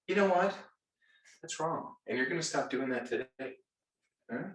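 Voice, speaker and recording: A man giving an energetic retail sales training talk, enthusiastic, playful and direct with his audience. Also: medium pitch, measured pace, far from the mic. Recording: echoey room, voice set back.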